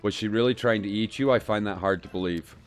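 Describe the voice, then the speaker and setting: A man reading a calm heroic commander's dialogue choices in a plain, level way. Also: lowish voice, fast talker, soft background music, lightly acted.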